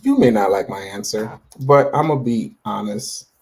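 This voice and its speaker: Fairly low and expressive, with a darkish tone and a breathy edge, this man's voice holds a moderate pace. He's an interview guest in his forties, casually telling his faith story with confident conviction and plenty of fillers and restarts.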